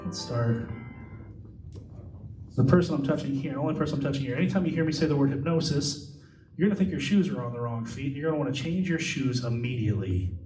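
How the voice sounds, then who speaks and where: A man from Iowa working as a stage hypnotist, giving calm, repetitive suggestions to volunteers in a live show. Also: mid-range voice, fairly quick. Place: large indoor hall, school party. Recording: echoey hall from far off with music.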